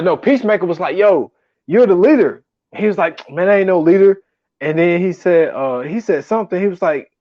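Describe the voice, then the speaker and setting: Casual podcast co-host, male, slangy and quick to laugh, acts out scenes; dull close mic with no room. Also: fairly high pitch, dry recording. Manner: laughs a lot, retells scenes in quoted voices, slangy. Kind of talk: casual chat.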